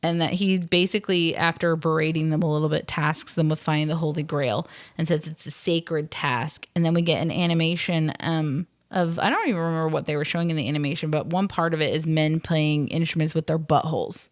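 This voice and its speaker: A woman's voice: low-pitched, steady tone, fairly quick, hardly any pauses, no echo, clean studio sound. A woman co-hosting a film podcast, chatty and rambling as she retells scenes with lots of fillers. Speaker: podcast co-host. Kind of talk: casual movie recap.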